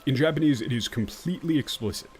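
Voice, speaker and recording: A man delivers let's-play commentary in an emphatic, explanatory way, peppering it with profanity. His voice sits at a typical middle pitch for a man. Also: fast talker, a little hiss or hum. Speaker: game streamer.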